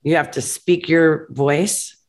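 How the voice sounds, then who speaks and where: Woman guest, restaurant owner: frank, emphatic, quick to get heated. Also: deep voice, fairly even intonation. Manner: blunt, emphatic, gets heated and laughs it off. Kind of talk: candid conversational interview.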